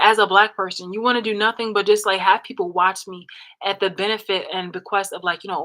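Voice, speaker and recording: A woman's voice: mid-range voice, bright, forceful tone, poor audio. A woman telling a personal story in a casual, rambling way from a room in her home, blunt and full of fillers and restarts. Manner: blunt, profane and emphatic. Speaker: vlogger.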